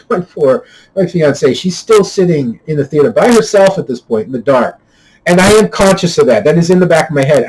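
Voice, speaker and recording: A man telling a personal story in a rambling, casual way, stumbling and repeating words, getting louder and more heated at the tense parts. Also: low-quality recording. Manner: grows louder and higher when retelling heated moments. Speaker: channel host.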